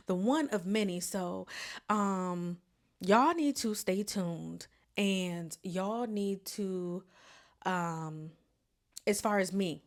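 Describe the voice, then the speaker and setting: A young adult woman hosting a podcast, telling a story in a casual, animated way, swearing freely and stressing her points. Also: mid-range voice. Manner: animated, profane, emphatic storytelling with frequent "um". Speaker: podcast host.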